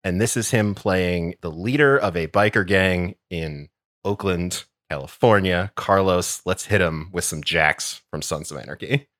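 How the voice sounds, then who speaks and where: A man's voice: deep voice, measured pace, fairly bright tone, no room sound, clean studio sound. A man co-hosting a podcast in casual chat, wry and joking. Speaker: podcast co-host.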